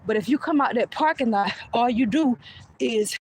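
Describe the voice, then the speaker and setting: Out on a street, a woman with a slightly high voice rants a story into her phone at normal speed, animated and profanity-laden. She's a vlogger, the recording is rough, and a soft hum of passing cars runs underneath.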